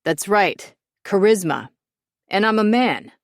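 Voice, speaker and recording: A woman's voice: mid-range voice, lively intonation, takes it slowly, no echo, clean studio sound. A woman voicing a cocky, teasing young man who is breezy and bossy, in a story reading. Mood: boastful.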